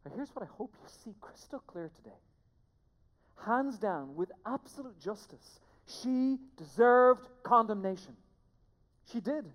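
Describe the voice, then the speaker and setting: A pastor preaching a sermon to a church, emphatic, repeating key phrases and swinging between hushed and loud delivery. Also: mid-range voice, lively intonation, unhurried. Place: church sanctuary. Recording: long reverb of a large hall.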